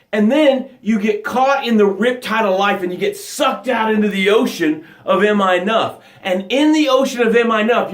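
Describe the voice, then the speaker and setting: A high-voiced man giving an impassioned motivational talk as a success coach, rhythmic and fond of repeating his key phrases. His voice rings in a roomy, echoey space picked up by a webcam mic. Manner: drops to a soft hushed voice when guiding breaths. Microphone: webcam broadcast mic.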